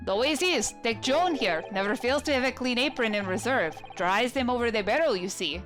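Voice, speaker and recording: A woman voicing a boastful, gruff old retired army man in a put-on English accent, over game music. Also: a little high, expressive, normal speed, lightly acted. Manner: blustery, old-fashioned phrasing.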